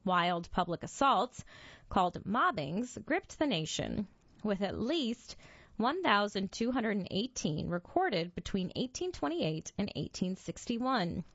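Woman telling a history story, lively pitch. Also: measured pace, breathy edge, no room sound, highs cut off. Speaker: narrator. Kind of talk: scripted history narration.

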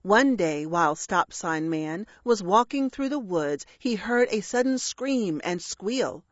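A woman reading a rhyming children's story aloud with a measured, expressive delivery. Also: medium pitch, no echo, dull audio. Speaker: narrator.

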